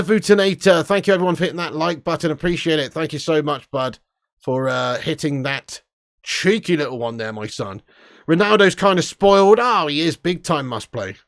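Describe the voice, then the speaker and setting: A man's voice: sits high, fairly bright tone, no echo, studio quality. A man hosting a casual live stream, chatting and laughing as he reads viewer comments aloud. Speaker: live stream host reading chat.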